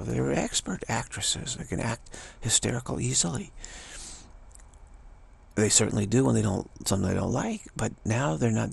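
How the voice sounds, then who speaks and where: This medium-pitched man, husky and gravelly, delivers a meandering spiritual monologue. Phrases get restarted often, and he mocks how other people sound.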